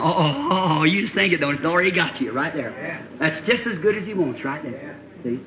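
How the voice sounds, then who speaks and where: A man preacher telling a story in a folksy, plain-spoken sermon that builds to shouts, on a dull lo-fi old tape. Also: fairly high pitch, brisk, slight background noise.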